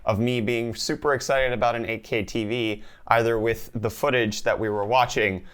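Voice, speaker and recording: A young man presenting a tech unboxing vlog in a well-lit room, enthusiastic and quick to exclaim. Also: mid-range voice, fairly even intonation, a bit bright, smooth.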